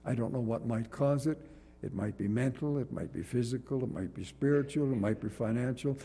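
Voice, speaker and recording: A man delivers a sermon in a measured, earnest cadence, leaning on repeated phrases. His voice is very dark and somewhat husky. It rings with a long reverb, as in a large church hall. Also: medium pitch. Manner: earnest, measured preaching with repetition. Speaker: preacher.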